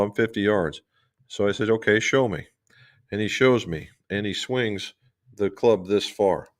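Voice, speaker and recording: A man hosting a casual golf livestream. He tells folksy stories from his club-fitting shop and answers viewers' questions in a relaxed, chatty way. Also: lowish voice, smooth.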